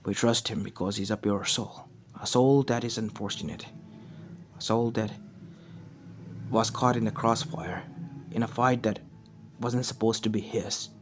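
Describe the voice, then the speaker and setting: A man voicing a solemn male puppet spirit who speaks calmly and earnestly in a fan storybook. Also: on the low side, measured pace, a little hiss or hum, natural voice.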